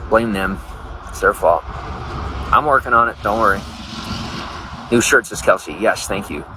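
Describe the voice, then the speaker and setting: Chatty low-voiced man live-streaming. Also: a little slow. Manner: chatty, rambling, greets viewers by name. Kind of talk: casual live-stream chat. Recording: noisy background.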